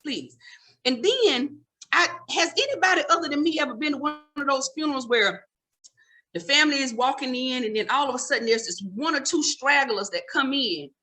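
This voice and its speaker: A middle-aged woman works through a stand-up comedy set, scolding and teasing her audience with sassy asides. Her voice sits high and rings bright and sharp. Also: lively intonation, normal speed.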